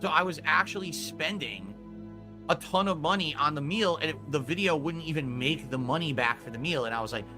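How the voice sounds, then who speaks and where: A man's voice: on the high side, a little fast, music in the background. A man streaming, scolding a viewer in a profane, emphatic rant.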